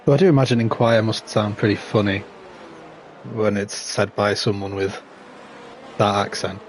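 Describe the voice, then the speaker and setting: A man's voice: fairly low pitch, fairly even intonation, moderate pace, a little hiss or hum. A man, casually commentating a sim race and chatting with a rambling, dry sense of humour.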